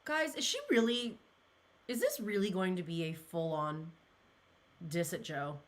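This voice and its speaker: A woman's voice: lowish voice, lively intonation, unhurried. A young woman vlogging in casual chat, gushing and rambling with many fillers, getting emotional as she reacts to viewer comments. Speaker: pop culture vlogger.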